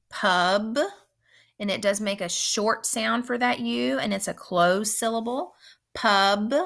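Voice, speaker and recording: A woman teacher giving a recorded phonics lesson, speaking slowly and clearly and repeating each word for young learners. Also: a little high, bright, forceful tone. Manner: slow, clear instructional pacing with repeated words.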